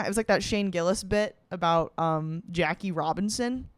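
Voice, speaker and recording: A woman's voice: lowish voice, normal speed, no echo. A young woman hosting a comedy podcast, rambling in a chatty, sarcastic way and swearing freely. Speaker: podcast host. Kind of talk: casual comedic monologue.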